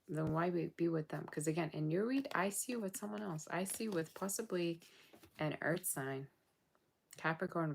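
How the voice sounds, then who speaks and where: A woman's voice: low voice, creaky, a little mellow. A woman giving a casual tarot reading straight to her viewers, blunt and sassy, tired and yawning late at night. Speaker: tarot reader.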